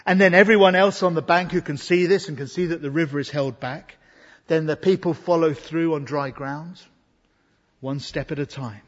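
Husky preacher in a big hall. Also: male voice, fairly high pitch, moderate pace. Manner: earnest, emphatic preaching with frequent restarts. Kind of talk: sermon. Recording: dull sound in a reverberant hall.

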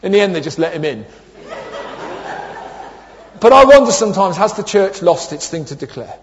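A man in his thirties preaches with a high, light voice, telling funny stories and voicing the people in them. The sound is dull and lo-fi, with a long echo of a church hall. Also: big pitch swings, moderate pace. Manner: humorous storytelling with acted quotes. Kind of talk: sermon.

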